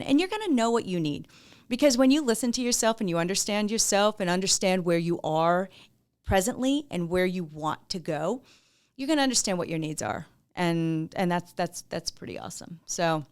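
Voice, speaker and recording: A woman hosting a podcast, talking casually and candidly to her listeners, laughing often and swearing freely. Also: fairly low pitch. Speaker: podcast host.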